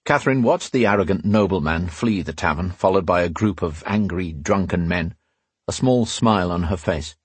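A man reading a fantasy audiobook aloud in steady, scripted narration. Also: low voice, breathy edge, no echo.

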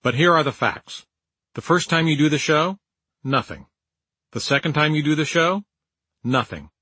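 Brief: older male memoir narrator, husky tone, wry and measured, close and dry sound. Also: on the high side, lively intonation, sharp tone, no echo, rough recording.

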